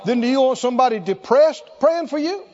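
A man's voice: extremely high pitch, expressive, fairly quick, a little mellow, muffled recording. A man preaching a sermon, emphatic and exclaiming, repeating short phrases for effect.

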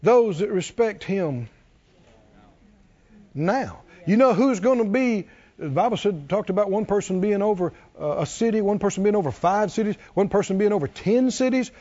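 Pastor type, man, high voice that swoops a lot, preaching to a crowd, muffled lo-fi recording. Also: moderate pace. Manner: animated preaching, jokes with congregation, does cartoon voices. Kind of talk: sermon.

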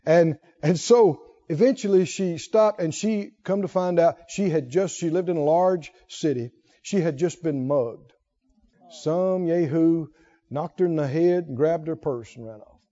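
A man preaching a sermon, telling a personal story that swings between hushed asides and emphatic points. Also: fairly high pitch, unhurried. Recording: dull lo-fi sound.

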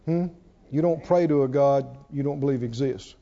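A man's voice: medium pitch, moderate pace, creaky, dark tone. A man preaching a sermon who keeps putting questions to his congregation, in a dull lo-fi church recording. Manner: call-and-response preaching, asks the congregation questions.

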